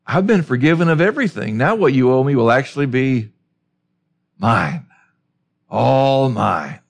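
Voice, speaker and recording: A man's voice: mid-range voice, lively intonation, measured pace, vocal fry. A man voicing a cruel, grasping male slave who demands repayment in a harsh, demanding way.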